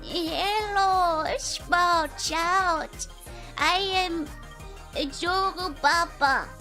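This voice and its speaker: A woman voicing a creaky, very old granny who slowly greets the children. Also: extremely high pitch, pushed and bright, faint music behind, voice pushed up, full character voice. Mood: mock-grand. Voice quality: creaky, drawn-out.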